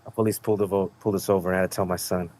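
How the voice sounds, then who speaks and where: A man co-hosting a podcast, riffing rapidly with strong opinions in casual slang. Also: sits low, little pitch movement, a little mellow. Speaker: podcast co-host.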